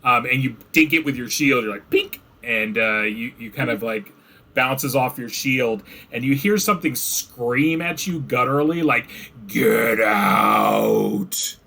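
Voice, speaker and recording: A man's voice: medium pitch, moderate pace, sharp tone. A young man narrating as game master in casual, rambling talk full of fillers. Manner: rambling, filler-heavy descriptions. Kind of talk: running a tabletop game, casual.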